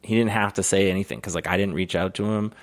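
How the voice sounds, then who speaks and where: Man, very low voice, casual podcast chat, swearing, storytelling. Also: fairly even intonation, quick pace. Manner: profane storytelling, laughs often. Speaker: podcast co-host.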